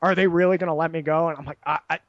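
Profane, rambling high-voiced man. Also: steady tone, rapid-fire, no room sound, lo-fi sound. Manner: rambling, profane, tags lines with "right?"; acts out voices of people in his story. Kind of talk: casual anecdote telling.

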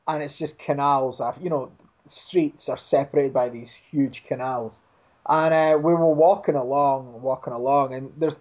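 A man telling a long personal anecdote in casual chat, swearing freely and talking with lively energy. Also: on the high side. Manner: expletive-heavy, animated storytelling. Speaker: storyteller. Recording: dull lo-fi sound.

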